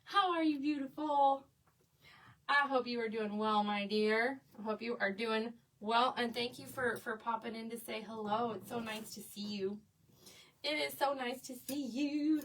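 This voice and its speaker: A woman's voice: on the high side, steady tone, measured pace, fairly bright tone, recorded from a distance, a little hiss or hum. Bubbly woman teaching a craft. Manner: bubbly, chatty, gushing. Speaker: craft instructor. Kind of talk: live crafting tutorial, chatting with viewers. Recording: voice a bit away from the mic.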